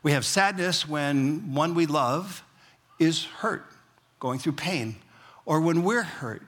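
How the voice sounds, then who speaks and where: Male pastor, husky voice, folksy sermon with light jokes and call-and-response. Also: a little high, animated, slow pace, fairly bright tone. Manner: conversational and folksy, with humorous asides; leads the congregation in call-and-response.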